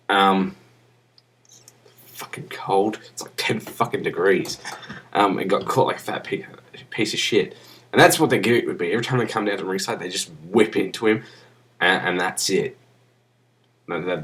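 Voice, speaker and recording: A man's voice: sits low, fairly bright tone. A young man rambling crudely and profanely into a webcam in a casual vlog, sounding drunk. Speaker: vlogger.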